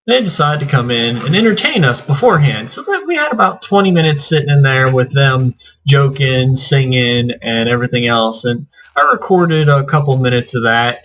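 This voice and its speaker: A man's voice: medium pitch, animated, normal speed, fairly bright tone, low-quality recording. A man who hosts a gaming channel, telling a rambling convention story in casual chat and acting out what others said. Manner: rambling storyteller, acts out quotes. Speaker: gaming YouTuber.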